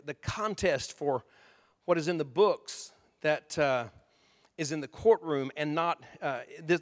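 Preacher guy, high voice, booming hall echo, acts out little arguments and gets loud. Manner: acts out both sides of arguments, rising to shouting. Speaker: pastor. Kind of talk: sermon. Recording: long hall reverb.

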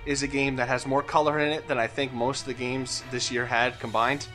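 A man's voice: medium pitch, flat delivery, fairly quick, pushed and bright, soft background music. A man chatting hesitantly on a gaming podcast, with many fillers and restarts. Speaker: podcast co-host. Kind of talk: casual chat.

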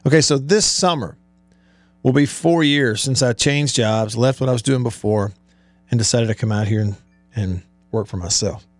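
A man's voice: mid-range voice, moderate pace, no room sound, faint music behind. A middle-aged man hosting a sports talk show, ranting with heated sarcasm and building emphasis. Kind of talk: live-streamed sports talk monologue.

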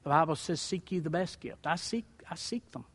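A man's voice: a little high, animated, brisk, a bit bright, big-room sound. A male pastor preaching a sermon, building emphasis through repeated phrases. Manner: preaching with rising emphatic repetition.

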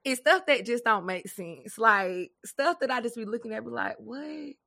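A woman co-hosting a podcast in casual chat, animated and dramatic, often laughing. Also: a little high, moderate pace, creaky, dry recording, studio quality. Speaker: podcast co-host.

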